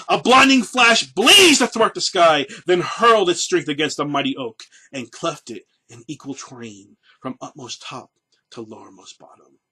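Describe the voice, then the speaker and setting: A man voicing a proud, defiant tribal chief, giving a slow, solemn oration that rises to loud peaks. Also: fairly high pitch, husky.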